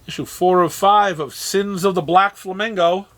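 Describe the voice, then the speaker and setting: High-voiced man giving a casual release rundown. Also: steady tone, fairly bright tone. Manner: dry, sarcastic asides between listed titles; halting, with repeated restarts. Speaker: comic shop presenter of weekly new releases.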